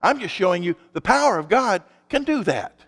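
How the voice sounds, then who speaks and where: A man's voice: sits high, very animated, moderate pace, a bit bright. Preaching man in a reverberant hall. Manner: emphatic, conversational preaching with rhetorical questions. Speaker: pastor. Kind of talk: sermon.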